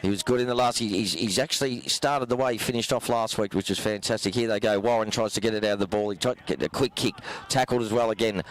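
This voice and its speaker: An Australian man calling a live local football match as play-by-play commentator, voice going hoarse, rising to excited shouts on goals. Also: mid-range voice, poor audio.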